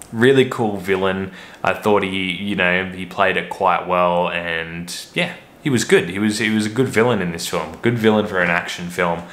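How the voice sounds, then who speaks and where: A man with a deep, low voice hosts a casual movie review vlog. His tone is bright and forceful, but his talk rambles, with stops and restarts along the way. The room around him rings with noticeable echo. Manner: rambling, hesitant, many restarts. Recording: roomy echo.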